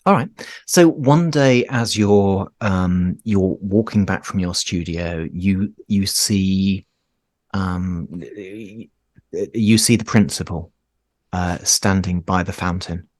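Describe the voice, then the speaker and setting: A man with a very deep voice runs a tabletop game. He narrates loosely and hesitantly. The sound is dry and close. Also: slow pace, no echo. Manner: relaxed, hesitant, many fillers. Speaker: game master.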